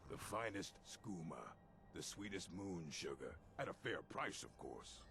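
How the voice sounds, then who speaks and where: A man voicing a shady drug-dealing merchant in a video game, with a smooth, hushed sales pitch. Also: very animated, measured pace, a little hiss or hum, full character voice. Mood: conspiratorial.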